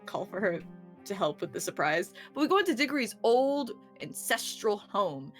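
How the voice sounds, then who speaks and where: High, swoopy woman rambling thru a game recap, swearing and giggling, bit of music underneath. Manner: rambling, giggly, swears freely, lots of restarts. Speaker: player recapping the last session. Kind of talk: casual recap of a tabletop game.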